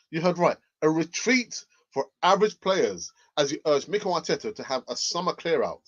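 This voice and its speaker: Football host, animated and exclamatory, fairly high, swoopy voice, dull lo-fi sound. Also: male voice, moderate pace. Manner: animated, laughs often, exclaims. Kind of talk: casual football news commentary. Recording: dull lo-fi audio.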